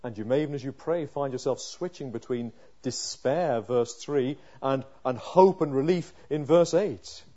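A man delivers a sermon, reading scripture aloud and giving voice to the psalmist's prayers, his delivery shifting from quiet pleading to loud, fervent emphasis. His voice sits in the mid range and moves at a moderate pace with few pauses. The audio sounds dull.

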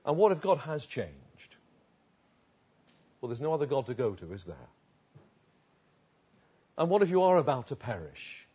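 Earnest husky-voiced male preacher. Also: mid-range voice, very animated, normal speed, long pauses, mellow, highs cut off. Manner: earnest, emphatic, repeats phrases for stress. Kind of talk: sermon. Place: outdoors.

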